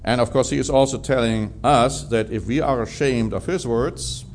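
A man's voice: medium pitch, normal speed, a little hiss or hum. A man preaching a sermon, drawing out key words for emphasis.

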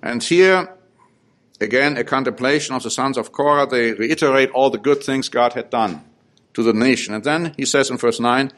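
A man preaching a sermon reads psalms aloud and explains them, his voice rising on the pleas. He has a medium pitch, lively intonation, and a measured pace, and his voice sounds a bit bright.

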